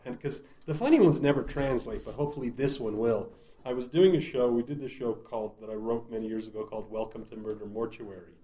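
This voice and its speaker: A man tells stories from his comedy theater work in a relaxed interview. He talks in animated bursts, laughs through his lines and often stumbles over restarts. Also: medium pitch. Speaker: murder-mystery show writer and performer. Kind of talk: casual storytelling interview.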